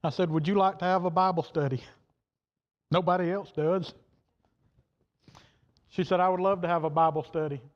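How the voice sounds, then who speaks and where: A preacher man with a fairly high voice, telling a folksy story from the pulpit in plain words. His voice rings through a church hall with a long echo, and the sound is dull and muffled. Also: steady tone, moderate pace, pauses often. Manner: folksy, plain-spoken, quoting others in turn. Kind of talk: sermon storytelling. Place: church sanctuary.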